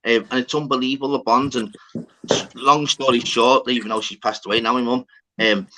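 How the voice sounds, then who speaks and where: A man's voice: mid-range voice, steady tone, a little fast, background noise. A man telling a rambling, sweary story in casual chat. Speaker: podcast talker.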